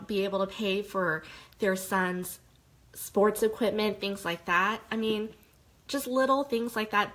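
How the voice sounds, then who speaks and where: A woman's voice: mid-range voice, fairly bright tone, poor audio. A young adult woman speaking candidly in a personal testimonial monologue about her sales work, heartfelt and rambling with many fillers. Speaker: direct-sales consultant.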